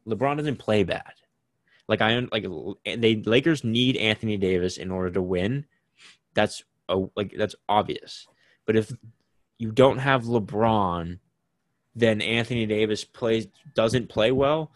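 A man's voice: on the low side, no room sound. A young man co-hosting a podcast, chatting casually about basketball with lots of "like" fillers. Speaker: podcast co-host. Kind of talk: casual sports chat.

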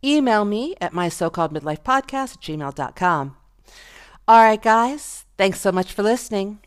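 A woman's voice: mid-range voice, normal speed, clear, resonant tone. A middle-aged woman hosting her own podcast, talking casually and chattily with frequent laughs. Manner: chatty, gossipy, laughs often, animated. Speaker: podcast host. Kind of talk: casual solo podcast monologue.

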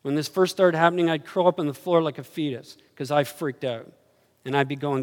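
A man preaching a sermon, telling stories animatedly and swinging from low murmurs to excited highs. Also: brisk. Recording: reverberant hall.

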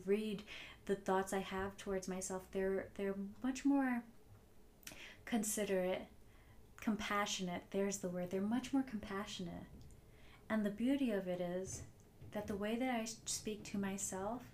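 A woman's voice: medium pitch, a little mellow, a little hiss or hum. A woman hosting a solo motivational podcast, earnest and reflective, often repeating phrases for emphasis. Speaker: podcast host.

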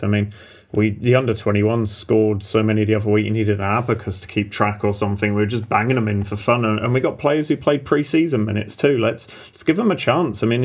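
A man co-hosting a casual fan podcast, speaking in an emphatic, rallying way. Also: medium pitch. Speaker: podcast co-host.

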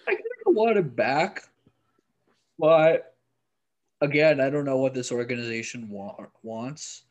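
A man's voice: medium pitch, animated, a little slow, muffled recording. A man co-hosting a sports podcast, chatting in a wry, offhand way with plenty of likes and ums. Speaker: podcast co-host. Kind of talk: casual sports podcast chat.

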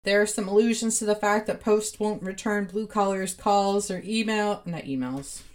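A woman's voice: medium pitch, moderate pace, darkish tone. A woman co-hosting a podcast, recapping a TV episode in casual chat with a sardonic, swearing manner. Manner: sardonic, swears freely while recapping the plot. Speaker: podcast co-host.

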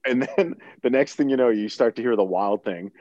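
A man's voice: medium pitch, a little fast, darkish tone, no echo, muffled recording. A man in a casual podcast chat, animatedly retelling a movie, acting out quotes and laughing often.

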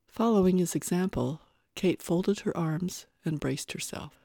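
A woman reading a novel aloud, introducing the chapter and narrating calmly. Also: low-pitched, a little slow, vocal fry, no echo, studio quality. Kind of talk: audiobook reading.

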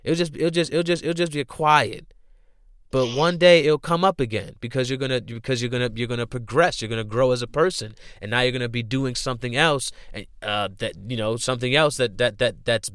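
A man's voice: mid-range voice, fairly quick, fairly bright tone, clean tone, no room sound, studio quality. A young man hosting a podcast, talking casually and emphatically, with lots of slang, swearing and repetition. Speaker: podcast host. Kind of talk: casual motivational talk.

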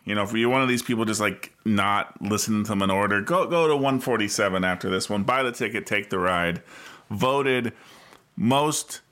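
A man co-hosting a podcast, talking in a wry, deadpan, casual way. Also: on the low side, normal speed. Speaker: podcast co-host. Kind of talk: casual banter.

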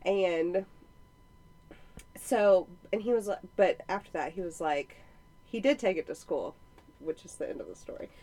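A woman in her thirties telling funny family stories in casual chat, lively and then dropping quiet for asides. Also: fairly low pitch, moderate pace, long pauses. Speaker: podcast co-host.

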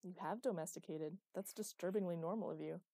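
A woman voicing a wry, gently teasing young man in an audiobook, with a mellow voice. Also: lowish voice, a little fast. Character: dry, teasing young man, patient partner.

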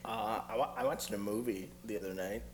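A man's voice: fairly low pitch, steady tone, brisk. A man telling a rambling movie story in a casual podcast chat, full of fillers and laughing asides.

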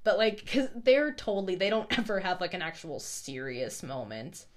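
A woman's voice: fairly low pitch, moderate pace. Giggly young woman chatting. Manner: giggly, chatty, often acts out quoted lines. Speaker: podcast co-host. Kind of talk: casual chat.

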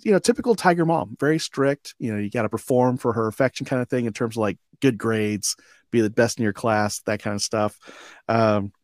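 Reflective man with a low voice. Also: no room sound, clean studio sound. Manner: reflective, loose, with many fillers like "um" and "you know". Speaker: podcast guest, combat veteran. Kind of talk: telling his life story in a conversation.

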